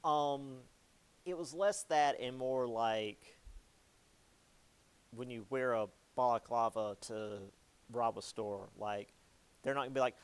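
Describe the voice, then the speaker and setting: A man's voice: medium pitch, slow, long pauses, clear, resonant tone. A young man giving a casual history lecture, chatty and jokey, with many ums and likes.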